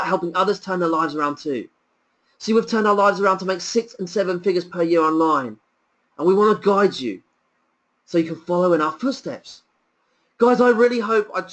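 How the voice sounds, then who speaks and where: A man presenting a sales pitch on a webinar, enthusiastic and persuasive, piling up rhetorical questions. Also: fairly bright tone.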